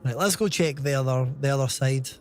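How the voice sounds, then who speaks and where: A man's voice: mid-range voice, a little fast, slight background noise. A Scottish man in his thirties giving chatty live commentary while streaming a game, reading out chat and swearing casually. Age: 30s.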